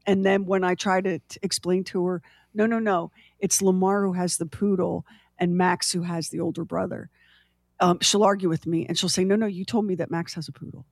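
A woman's voice: lowish voice, steady tone, brisk, no room sound. Woman, talk host, chatty, joking, dry close sound. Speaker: radio show host. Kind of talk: casual chat.

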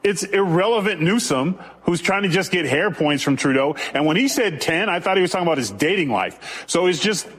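A man's voice: high voice, expressive, brisk, hardly any pauses, a bit bright, breathy edge. Blunt man giving commentary. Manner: blunt, dismissive. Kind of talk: opinion commentary.

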